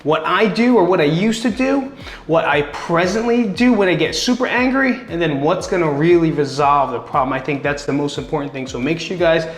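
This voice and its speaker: A man's voice: fairly high pitch, brisk. A young man hosting his own video, talking straight to the viewer in a candid, earnest and encouraging way. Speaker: video host. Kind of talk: casual direct-to-camera talk. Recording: echoey room.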